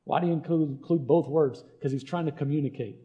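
A man's voice: fairly high pitch, quick pace, lo-fi sound. A man preaching a sermon as a pastor, earnest and conversational, often checking in with the congregation.

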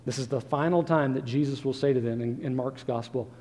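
A man's voice: mid-range voice, fairly quick, a little mellow, long reverb tail. A man preaching a sermon as pastor, earnest and full of rhetorical questions.

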